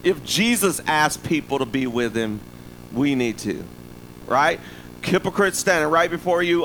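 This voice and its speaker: A man's voice: fairly high pitch, animated, measured pace, a bit bright, slight background noise, low-quality recording. Conversational man preaching a sermon. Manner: conversational preaching with frequent "right?" asides. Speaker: pastor.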